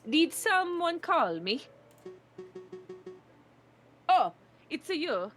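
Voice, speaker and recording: A woman voicing a vain, touchy male photographer from a game with a put-on Italian accent and a lively, indignant delivery. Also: high-pitched, extremely slow, soft background music, full character voice. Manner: indignant and boastful. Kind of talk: reading a game aloud on stream.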